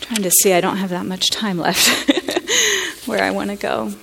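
An American woman shares a personal testimony at a conference in a mid-pitched, fairly bright voice with a sing-song, creaky quality. She speaks earnestly and reflectively, pausing and starting over as she hunts for words, with slight background noise.

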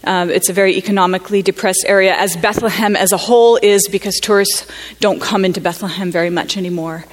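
A woman from the United States gives a personal testimony at a conference, speaking in a middle-pitched voice. She talks earnestly and reflectively, pausing and restarting as she searches for words. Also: fairly even intonation, a little hiss or hum.

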